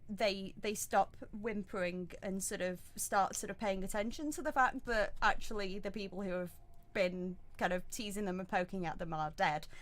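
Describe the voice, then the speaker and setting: Hesitant woman running a tabletop game. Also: medium pitch. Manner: hesitant, many ums and restarts. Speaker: dungeon master.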